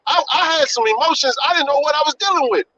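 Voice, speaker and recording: A man's voice: extremely high pitch, lively intonation, fast, bright, forceful tone, slight background noise. A man hosting a podcast live stream, ranting passionately, repeating his points and swearing for emphasis like a preacher. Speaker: podcast host. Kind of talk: impassioned live-stream rant. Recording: dull lo-fi live-stream audio.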